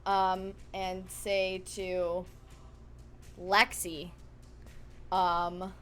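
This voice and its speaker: A woman's voice: fairly low pitch, flat delivery, very slow, a bit bright. A woman playing in a tabletop game, flustered, laughing and swearing as she decides her move. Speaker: player. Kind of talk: casual tabletop play.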